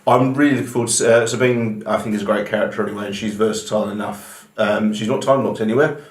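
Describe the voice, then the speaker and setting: A man's voice: lowish voice, steady tone, quick pace. Man, casual gaming chat host, rambling and chatty, echoey room. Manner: rambling, chatty, full of fillers. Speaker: podcast host. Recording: roomy echo.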